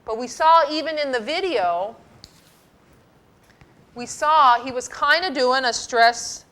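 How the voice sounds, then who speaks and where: A woman's voice: sits high, slow pace, bright, forceful tone. A middle-aged woman giving a university lecture, explaining slides in an emphatic, conversational teaching manner and answering students. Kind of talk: classroom lecture. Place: lecture hall.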